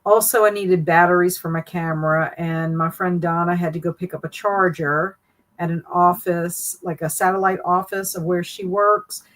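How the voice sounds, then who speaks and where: A middle-aged woman with a Southern US accent chats casually on a live stream, greeting viewers by name and reading chat comments aloud. Her voice is on the low side and a bit bright, steady at a normal speed, in a rough recording.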